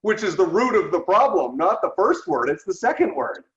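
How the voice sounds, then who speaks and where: A man's voice: high voice, normal speed. A man co-hosting a podcast, his voice leaping up and down as he acts out bits of dialogue. The recording is roomy and dull, with a lo-fi edge. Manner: animated, acts out quoted dialogue. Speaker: podcast co-host. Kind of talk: conversational podcast discussion.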